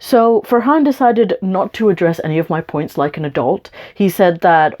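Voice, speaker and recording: A woman's voice: on the low side, normal speed, darkish tone. A woman vlogging to her camera, ranting angrily with lots of swearing and sarcasm. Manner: profane, sarcastic and confrontational. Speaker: YouTuber. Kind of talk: angry rant to camera.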